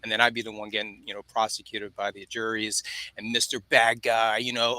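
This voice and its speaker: Podcast guy ranting hard, apologizes a lot, tense bright voice. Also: mid-range voice, fairly even intonation, moderate pace, no room sound, poor audio. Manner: heated, blunt, keeps apologizing. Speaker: podcast co-host. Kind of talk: casual podcast chat.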